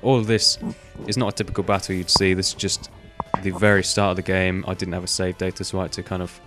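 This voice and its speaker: A man's voice: low-pitched, level tone, fast talker, over music. A young man giving casual, rambling gameplay commentary, swearing offhandedly and filling gaps with "um" and "like". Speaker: gaming video host.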